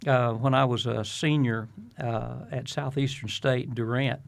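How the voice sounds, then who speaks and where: An older man and retired pastor talks as a guest in an interview, earnest and preacherly. His voice sits at an everyday pitch. He often stumbles over his first words before a thought comes out. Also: steady tone, a little slow, gravelly. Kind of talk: reflective interview talk.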